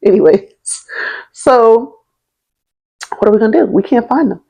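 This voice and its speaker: A woman's voice: on the high side, unhurried, vocal fry, pauses often, warm tone, muffled recording. A young woman telling a history story in a casual, slangy way, laughing along and checking in with her listeners. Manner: chatty and slangy, often checking in with "right?" and "okay?". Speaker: history vlogger.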